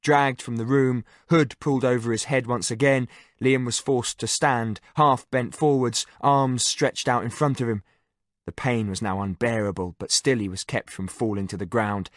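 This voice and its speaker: A man narrating a military thriller audiobook in a steady, measured storytelling manner. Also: medium pitch, no room sound, studio quality. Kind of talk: scripted narration.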